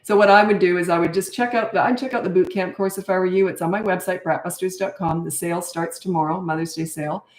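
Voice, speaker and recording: A woman's voice: fairly low pitch, fairly even intonation, quick pace, few pauses. Chatty older woman coach, roomy echo. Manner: chatty, emphatic, drifts into anecdotes. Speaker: parenting coach. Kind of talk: answering viewer questions, casual advice.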